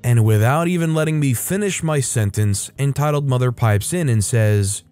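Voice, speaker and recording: A man reading online stories aloud as a narrator, in a steady, conversational way. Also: mid-range voice, normal speed, faint music behind. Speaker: story narrator.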